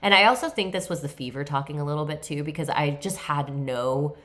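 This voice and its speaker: A woman's voice: low voice, brisk, a bit bright. A woman in her thirties hosting a podcast, telling a story in a casual, rambling way full of "like" and "you know", often laughing at herself. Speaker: podcast host.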